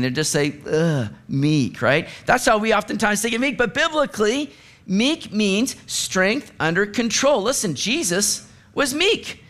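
Male pastor, higher-pitched voice, chatty sermon delivery with playful acted asides. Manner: conversational, animated preaching with acted asides.

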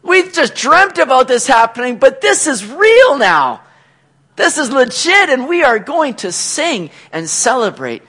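A man preaching who acts out a crowd of emotional returning exiles, shouting their words. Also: fairly high pitch, steady tone, normal speed, few pauses. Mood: jubilant. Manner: shouting, exclaiming.

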